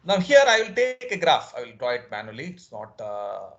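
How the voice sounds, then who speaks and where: A man's voice: medium pitch, huge pitch swings, normal speed, fairly bright tone, highs cut off. A male physics lecturer, teaching an online class and explaining each step over again with frequent "okay"s.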